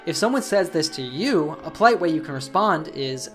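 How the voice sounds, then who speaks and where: Woman, English teacher, low pitch, clear explanations, music behind. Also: lively intonation, moderate pace. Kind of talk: scripted lesson narration.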